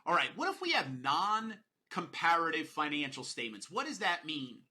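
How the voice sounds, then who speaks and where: A man's voice: a little high, sing-song, moderate pace, pushed and bright, breathy edge. A man teaching a recorded exam prep lecture, who stresses and repeats key rules and slips in playful jokes between his explanations.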